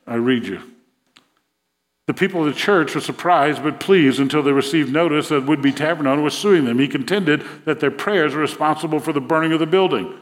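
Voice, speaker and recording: A man's voice: a little high, a little fast, long reverb tail. A man preaching a sermon, retelling a Bible story and acting out the king's words with rising emphasis. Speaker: pastor.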